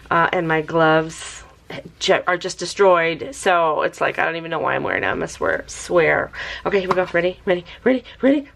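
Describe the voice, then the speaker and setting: A woman hosting a casual craft review vlog, chatty and excitable, talking to viewers like friends. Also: creaky, a little hiss or hum. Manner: bubbly and excitable, squeals with high delight. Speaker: craft video host.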